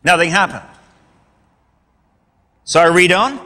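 A male preacher with a high, ringing voice tells a scripture story with dramatic emphasis. His sermon carries a long reverb tail, as if it were recorded in a large hall. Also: expressive, slow, pushed and bright.

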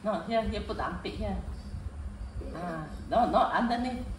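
A woman's voice: medium pitch, normal speed. A woman filming her family at home, coaxing the children with short, repeated instructions in casual chat. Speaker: parent filming a family vlog. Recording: echoey room with background noise.

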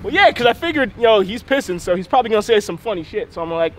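A man's voice: high voice, expressive, rapid-fire, a crowd in the background. A young man vlogging, crude and joking, laughing a lot as he chats in a car. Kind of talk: casual joking chat.

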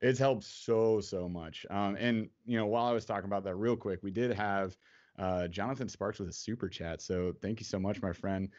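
A man hosting a casual fishing livestream, talking in a rambling way full of fillers and quick laughs. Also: fairly low pitch, a little mellow. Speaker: podcast host. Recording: dull lo-fi stream audio.

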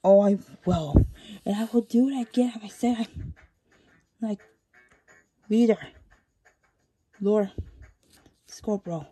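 A woman's voice: mid-range voice, slow pace, pauses often, husky, no echo, soft background music, voice pushed up. A woman playing a gloating scorpion villain king. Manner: mocking, boastful, loud.

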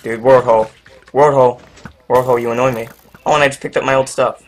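A young man chatting excitedly while playing a game with a friend, often laughing and getting loud. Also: mid-range voice, fairly quick. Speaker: gamer. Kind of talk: casual gaming chat.

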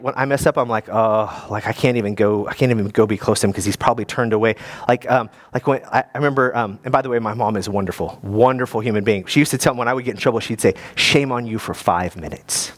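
A man, a guest pastor, preaching a sermon in a lively, conversational way with many restarts. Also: medium pitch.

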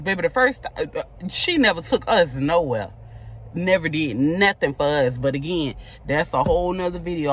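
A woman's voice: low voice, fairly bright tone, a little hiss or hum, low-quality recording. A mother venting to her vlog audience from her car, exasperated and swearing. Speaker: vlogger and mother. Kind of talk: ranting vlog. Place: parked car.

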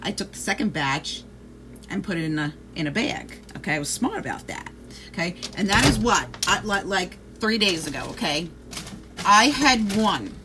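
Give me a chatty woman on a home livestream, with an animated, swooping voice and kitchen noise behind her. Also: mid-range voice, normal speed. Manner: chatty, profane, greets viewers by name. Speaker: vlogger. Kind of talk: casual livestream chat.

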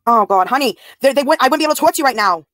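A woman's voice: high voice, lively intonation, very fast, a bit bright, no room sound, clean studio sound. A woman in her thirties livestreaming, talking bluntly and profanely straight to her viewers' comments. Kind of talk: live stream talk to chat.

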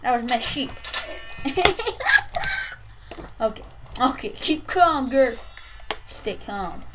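Young woman, gaming commentary, slow drawl, fairly high voice, playful trash talk, faint background hiss. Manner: playfully trash-talking, shouts in bursts. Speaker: gaming youtuber. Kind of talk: casual gameplay commentary.

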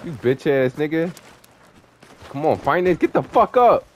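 A young man commentating his online gameplay, taunting and cursing at opponents in an excitable, profane way. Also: a little high, unhurried. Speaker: gamer streaming online play. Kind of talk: trash-talking gameplay commentary.

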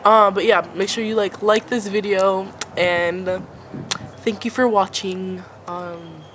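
Speaking slowly in a mid-range, slightly bright voice with fairly even intonation, this late-teen vlogger tells a rambling storytime. She leans on "like" constantly and sprinkles "um" throughout, over a faint hiss or hum.

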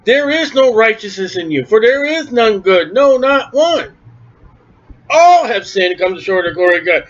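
A male preacher delivers a forceful, emphatic sermon. His voice sits high for a man. The recording sounds dull and lo-fi. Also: sing-song, moderate pace.

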